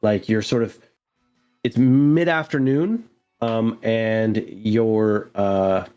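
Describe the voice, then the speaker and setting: A man's voice: lowish voice, extremely slow, dark tone, smooth, faint music behind. A man narrating a tabletop game as game master, loose and descriptive with lots of fillers.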